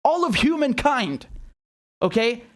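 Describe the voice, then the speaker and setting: A man with a high voice delivers a heated, sarcastic commentary, swearing freely and piling on outrage. He talks like a political commentator reacting to clips for his own show. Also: very animated, takes it slowly. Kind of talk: indignant video commentary.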